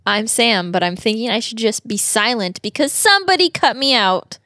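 A woman co-hosts a casual movie podcast, playfully complaining in a fairly high voice. Her voice has a gravelly, fry-heavy edge and swings widely in pitch. It is recorded dry and close. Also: expressive, moderate pace, pushed and bright, no room sound. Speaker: podcast co-host.

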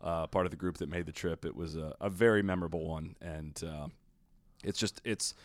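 A man's voice: low-pitched, steady tone, dry recording, studio quality. A man co-hosting a golf podcast, giving strong opinions in casual chat with lots of fillers. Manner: opinionated, talks in quick bursts with many fillers. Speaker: podcast co-host.

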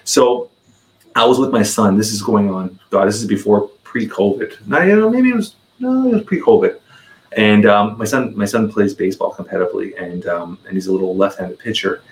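A man's voice: fairly low pitch, a little fast, roomy sound, rough recording. A man in his forties, a podcast guest, telling a story in casual conversation, rambling and repeating words as he goes.

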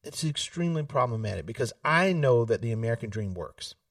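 Animated man, set back from mic. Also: mid-range voice, fairly quick, dry recording, clean studio sound, distant mic. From South Carolina. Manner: animated, laughs often, acts out family voices. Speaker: political candidate, guest. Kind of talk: casual storytelling interview.

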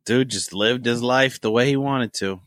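A man's voice: medium pitch, normal speed, dry recording, clean studio sound. A man co-hosting a casual sports talk show, joking and arguing with loose, profane banter. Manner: animated, swearing, jokey, argumentative. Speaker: podcast co-host.

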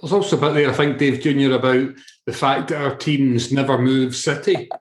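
A man's voice: medium pitch, fairly even intonation, fairly quick. Co-host: man, easygoing talk, recorded in an echoey room. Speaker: podcast co-host. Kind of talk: casual chat. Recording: roomy echo.

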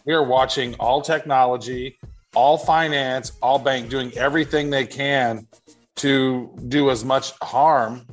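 A man's voice: medium pitch, poor audio. A man co-hosting a podcast, giving emphatic, rambling opinions in casual chat. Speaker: podcast co-host.

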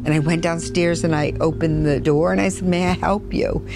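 A woman's voice: fairly low pitch, fairly even intonation, moderate pace, vocal fry, over music, pitched below the performer's own voice. A woman putting on the voice of a middle-aged rich woman dazedly recalling her arrest, in a comedy true crime podcast. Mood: shocked.

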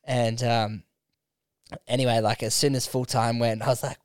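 Young Aussie bloke, relaxed sweary storyteller, clean resonant tone, close dry mic. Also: male voice, mid-range voice, moderate pace, smooth, no room sound. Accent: Australian. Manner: laid-back storyteller, swears freely, lots of "like". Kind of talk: casual podcast chat.

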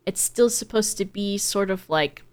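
A woman's voice: mid-range voice, moderate pace. An American woman co-hosting a podcast, chatting casually and playfully with jokes. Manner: playful, joking, animated. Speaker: podcast co-host. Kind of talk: casual chat.

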